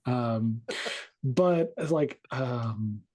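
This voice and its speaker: A woman playing a tabletop game, soft and hesitant as she speaks in character. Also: a bass voice, drawn-out words. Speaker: player. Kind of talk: in-character tabletop role-play.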